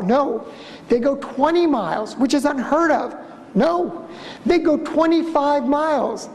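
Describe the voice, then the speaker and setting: A man giving a storytelling conference lecture as a museum director, an animated speaker who acts out the voices in his stories. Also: extremely high pitch. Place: conference hall. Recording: reverberant lecture hall.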